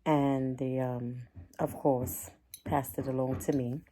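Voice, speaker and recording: Low-voiced woman ranting. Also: level tone, slow. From Caribbean. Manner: indignant and chatty, grows loud and heated. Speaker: vlogger. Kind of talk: storytime rant to camera.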